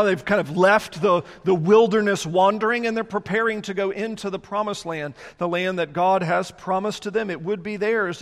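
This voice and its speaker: Animated high-voiced man preaching in a hall. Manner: animated, breaks into mocking voices for complainers. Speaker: pastor. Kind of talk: sermon. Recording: long hall reverb.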